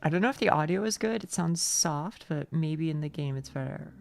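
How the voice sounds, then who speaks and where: A young woman streaming a game live, chatty and excitable, swearing freely and reading out chat. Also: sits low, brisk, creaky.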